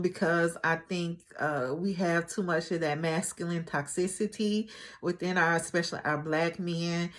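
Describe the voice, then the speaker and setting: A woman vlogger recapping a TV episode in casual chat, chatty and animated with joking asides. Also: fairly low pitch.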